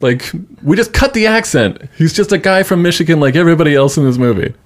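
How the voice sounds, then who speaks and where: A man's voice: on the high side, animated, fast. A young adult man rambling casually in a film podcast, laughing and swearing now and then. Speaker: podcast co-host.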